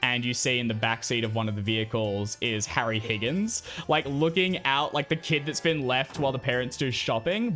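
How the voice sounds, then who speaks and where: A man's voice: medium pitch, a bit bright. A man narrating a tabletop role-playing game as game master, in a loose, rambling way with many fillers.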